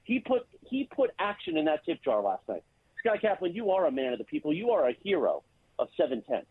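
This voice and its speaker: Animated man on a tinny phone line. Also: fairly high pitch, fairly quick, slightly rough, no echo. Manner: animated, teasing, mock-grand praise. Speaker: radio show regular calling in. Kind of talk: casual sports radio banter.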